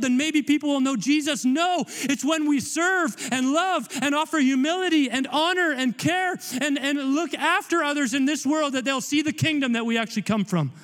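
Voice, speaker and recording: A man preaching a sermon with a very high voice, emphatic and rambling, slipping in joking asides and repeating himself as he goes. The sound rings with the long reverb of a large church hall. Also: fairly bright tone.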